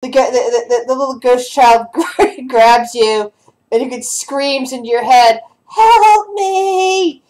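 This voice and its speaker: A woman with a somewhat high voice leads a tabletop game session as game master. She narrates scenes loosely, stumbling and restarting her sentences, and calls for dice rolls between descriptions. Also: little pitch movement, darkish tone, rough recording. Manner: halting, restarts a lot while describing scenes.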